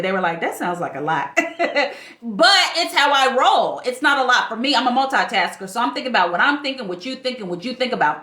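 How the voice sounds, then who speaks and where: A woman's voice: medium pitch, a bit bright, echoey room. A woman in her forties, a life coach, talking candidly to camera in a casual vlog, emphatic and fond of rhetorical questions. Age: 40s.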